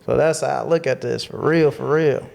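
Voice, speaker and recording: A man who is a guest on a casual podcast, talking in a preachy, motivational way, repeating phrases for emphasis and growing animated as he tells stories. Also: medium pitch, normal speed, creaky.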